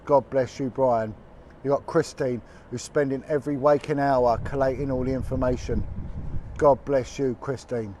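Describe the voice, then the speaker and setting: A man's voice: mid-range voice, dark tone, slight background noise. Blunt, indignant man. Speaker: former detective turned video blogger. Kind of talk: impassioned direct-to-camera update.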